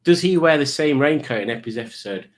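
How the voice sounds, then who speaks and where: A man's voice: medium pitch, animated, a little fast. A middle-aged man, hosting a live quiz stream in a chatty, rambling, teasing way. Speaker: livestream quiz host. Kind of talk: casual live-stream chat.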